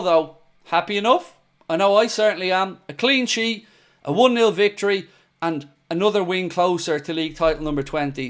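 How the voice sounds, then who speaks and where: Young male fan-show host, higher voice, smooth clear tone, blunt and passionate with his chat. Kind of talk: live match reaction, reading viewer comments.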